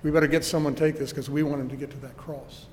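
A man's voice: fairly high pitch, level tone, quick pace, big-room sound, a little hiss or hum. A man preaching a sermon with earnest emphasis and rhetorical questions, recorded in a church.

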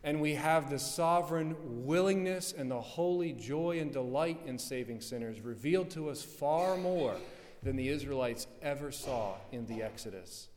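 A man preaching a sermon with fervour, rising to loud passages and dropping to hushed ones. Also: a little high, animated, moderate pace, a little hiss or hum. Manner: fervent, swinging from loud to hushed. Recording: long reverb of a hall.

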